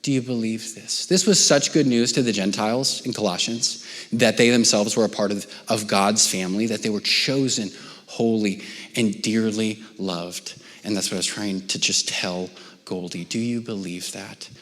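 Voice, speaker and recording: A middle-aged man giving a conversational church sermon as the pastor, often dropping to a soft near-whisper. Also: lowish voice, normal speed, long reverb tail. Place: church auditorium.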